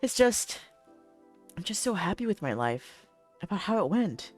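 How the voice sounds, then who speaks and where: A woman reading the lines of a gentle, tearful young man in a game, in a soft, earnest, halting way. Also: medium pitch, very animated, faint music behind, voice pushed up.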